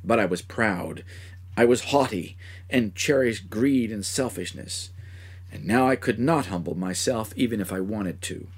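A man playing a remorseful betrayer in a dramatic first-person monologue, speaking with a husky voice and crying out in anguish. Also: lowish voice, unhurried, pitched below the performer's own voice. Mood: regretful. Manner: impassioned, cries out in anguish. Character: remorseful man who betrayed his master.

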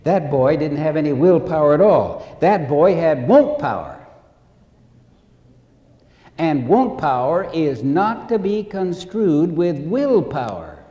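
Man, sermon, slow measured preaching, mellow voice, long hall reverb. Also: on the high side, big pitch swings, dull audio. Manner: slow, deliberate preaching with repetition and acted-out stories.

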